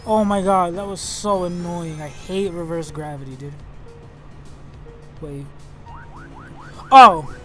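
Excitable young man gaming commentary. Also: high voice, slow pace, long pauses. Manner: excitable, reactive, swears and exclaims often. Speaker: let's play gamer. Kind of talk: let's play commentary. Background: game music.

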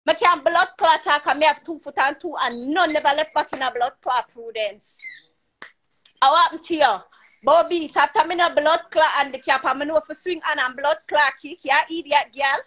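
A woman's voice: sits high, moderate pace, few pauses, fairly bright tone. A woman, arguing and cursing on a live stream, boastful and confrontational. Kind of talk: heated live-stream argument. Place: at home in the UK.

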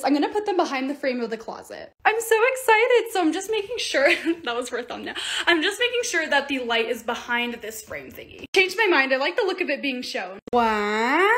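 Young woman, vlog voice-over, high and swooping, fast and bubbly, gushing, phone mic. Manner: bubbly, gushing product talk. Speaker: lifestyle influencer.

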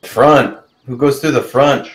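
A man's voice: medium pitch, steady tone, unhurried, roomy sound. A man playing a co-op game with a friend, making dry, teasing remarks. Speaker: co-op gaming partner. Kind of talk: casual gameplay banter.

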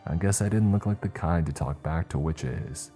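A man's voice: very deep voice, animated, moderate pace, gravelly, warm tone, soft background music. A man narrating a scripted horror story with dry, wry humour.

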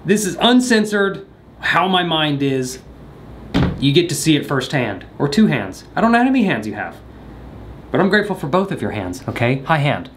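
A man's voice: fairly high pitch, big pitch swings, normal speed, slight background noise. A young man vlogging, rambling and joking straight to the camera in a goofy comedic monologue.

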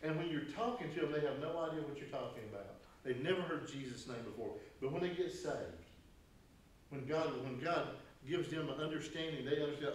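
A man delivers a sermon with a slightly raised pitch, speaking conversationally and repeating phrases for emphasis. His voice carries from some distance off the mic in a very echoey room with faint background noise. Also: a little fast. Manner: conversational preaching with emphatic repetitions. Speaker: pastor.

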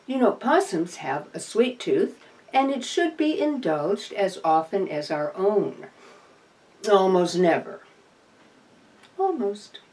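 An opossum rescuer and vlogger chats casually to camera in an unhurried, wry way, her medium-pitched, darkish voice rising and falling freely. She teases the audience with dry, playful humor and coos tenderly to her opossum, with the mic placed some distance away.

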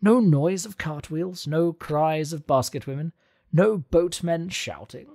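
A man voicing a confident, excitable older male professor who lectures emphatically in a storybook reading. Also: fairly high pitch, normal speed, vocal fry, husky, voice pushed up, full character voice. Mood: cheerful.

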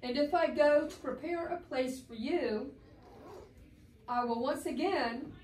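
A gentle, solemn man speaks slowly and tenderly to his troubled friends, as a woman storyteller voices him. The voice sits a little high and unhurried. It is heard from a distance in a roomy space with a faint hum behind. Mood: comforting. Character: gentle, solemn male teacher comforting friends.

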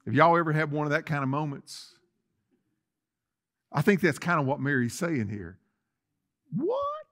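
A man preaching a sermon as lead pastor in a church, swinging from loud declarations to soft asides. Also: a little high, moderate pace, long pauses. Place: church sanctuary.

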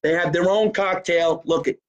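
An animated podcast host, talking in a slightly higher voice than most men. He chats casually and swears freely as he chats from a basement. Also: normal speed, lo-fi sound. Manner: animated, profane, plugging a local deli. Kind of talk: casual live-stream chat.

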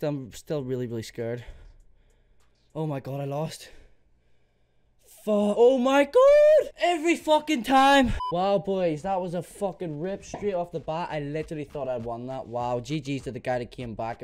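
Excitable, foul-mouthed young man host. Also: mid-range voice. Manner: excitable, swears a lot, pleading and shouting in bursts. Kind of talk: excited gaming commentary.

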